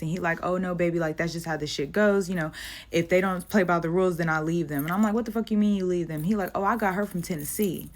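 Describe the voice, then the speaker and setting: A young woman telling a storytime monologue in a blunt, animated and heavily profane way. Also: fairly low pitch, quick pace.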